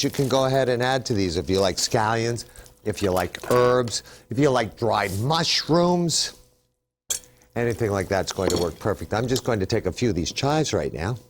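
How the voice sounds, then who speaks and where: A man with a middle-pitched voice hosts a television cooking demonstration. He is upbeat and chatty and talks through every step while he works. A faint noise sits under the voice. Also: animated, normal speed. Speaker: cooking show host.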